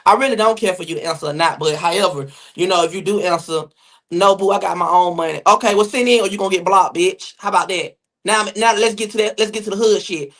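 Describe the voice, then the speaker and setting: A man's voice: high voice, a bit bright. Brief: man hosting a sassy livestream gossip show, reads the chat with plenty of attitude. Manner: sassy, rapid, swearing, addresses chat viewers. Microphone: phone or webcam mic on livestream.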